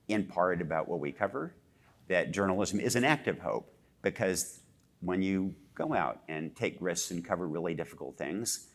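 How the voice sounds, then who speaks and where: A man with a very low voice talks on a discussion panel, pausing often and filling gaps with hesitant sounds. He is a journalist who speaks with growing animation. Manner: halting, many filler sounds, grows more animated.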